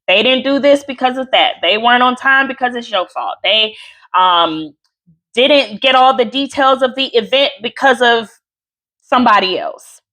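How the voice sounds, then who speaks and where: A woman coach teaching a live workshop on handling anger, chatty and animated, with asides and quick laughs. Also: a little high.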